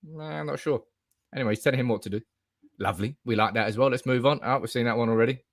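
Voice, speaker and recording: A young man hosting a fan channel live stream, excitable and hyped-up, reacting with bursts of enthusiasm. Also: medium pitch, no echo, studio quality. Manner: excitable, hyped-up, calls viewers baby.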